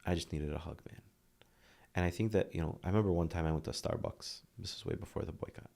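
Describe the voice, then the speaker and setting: A man in his 30s, guesting on a podcast, speaks earnestly and emotionally about his struggles. His voice is low-pitched, gravelly, and darkish, delivered fast, and at tender moments he drops to a near whisper.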